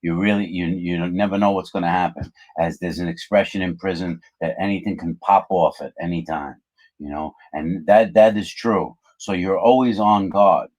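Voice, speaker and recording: Middle-aged man, very low voice, casual chat host, reflective, uh-filled speech. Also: steady tone, a little mellow. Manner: measured, reflective, frequent fillers. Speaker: channel host, former prisoner.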